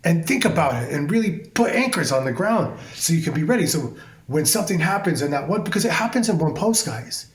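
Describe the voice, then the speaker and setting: A man's voice: fairly high pitch, very animated, a little fast. A man, a hairstylist guest on a podcast, talking in an intense, emphatic way and swearing freely. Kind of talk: podcast conversation. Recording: roomy echo.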